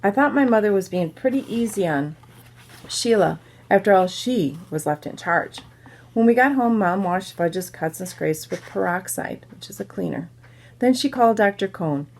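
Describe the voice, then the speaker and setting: A woman's voice: mid-range voice, animated, normal speed. A woman reading a children's novel aloud, telling it in plain first-person storytelling. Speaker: reader.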